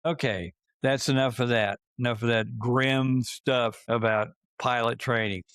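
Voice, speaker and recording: A man's voice: mid-range voice, steady tone, a little slow, a bit bright, clean tone, no room sound. An older man from Georgia telling casual stories on a podcast, rambling and restarting phrases as he goes. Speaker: podcast guest storyteller. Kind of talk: casual storytelling.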